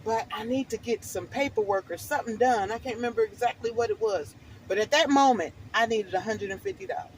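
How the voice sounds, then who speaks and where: A woman's voice: a little high, brisk, a little hiss or hum, poor audio. A middle-aged woman vlogger telling a personal testimony in a fervent, preachy, emphatic way.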